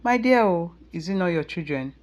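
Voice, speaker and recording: A woman's voice: lowish voice, lively intonation, moderate pace, dull audio, voice pushed up, lightly acted. A woman with a Nigerian accent voicing a scheming, cruel young mother who hisses and scolds, then turns falsely sweet, in a storybook tale. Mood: fake sweet. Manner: switches from scolding to syrupy sweet.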